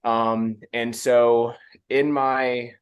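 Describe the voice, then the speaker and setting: A man's voice: mid-range voice, flat delivery, very slow, smooth, muffled recording. A man in his late twenties, a coach and founder, talking in a rambling, easy way that is often broken by laughter. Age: late 20s. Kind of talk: interview, casual chat.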